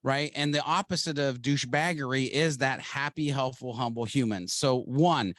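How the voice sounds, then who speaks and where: An energetic male guest who punches his words with conviction and sounds like a practiced storyteller. His voice has a mid-range pitch and is recorded dry, with no room echo. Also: normal speed. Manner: emphatic, upbeat storyteller. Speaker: guest, marketer. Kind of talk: conversational interview.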